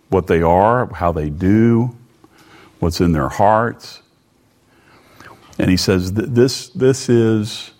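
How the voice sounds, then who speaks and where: A man's voice: fairly low pitch, darkish tone. A man preaching a sermon, reading scripture and repeating phrases as he explains them. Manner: slow and deliberate, reading scripture aloud with commentary.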